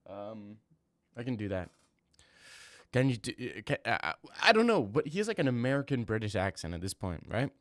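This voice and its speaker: A brash young man talks casually on a livestream, answering his chat in loose, slangy bursts. His voice sits low, and the sound is dry and close with no room around it. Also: dry recording. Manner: brash, trash-talking, slangy, rambling. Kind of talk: casual live-stream chat.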